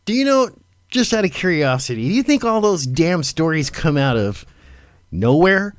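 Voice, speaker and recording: A man's voice: fairly high pitch, big pitch swings, moderate pace, no room sound, clean studio sound. A middle-aged man hosting a live talk show in a loose, swearing manner, laughing often. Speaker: host. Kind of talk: casual live commentary.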